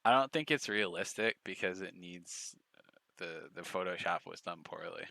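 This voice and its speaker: A man's voice: sits low, animated, normal speed, creaky, sharp tone, dry recording. A man streaming, giving casual, profane, mocking commentary on clips.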